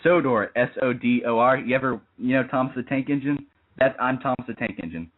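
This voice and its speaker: A man calling a radio show while playing a cheerful male toy tank engine, talking quickly and spelling words out. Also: mid-range voice, natural voice. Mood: chummy. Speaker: prank caller. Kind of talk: call-in prank. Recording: tinny phone line.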